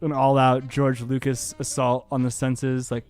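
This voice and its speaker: A man's voice: medium pitch, little pitch movement, measured pace, darkish tone, faint music behind. A man co-hosting a movie review podcast, talking casually and enthusiastically with lots of filler words. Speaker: podcast co-host.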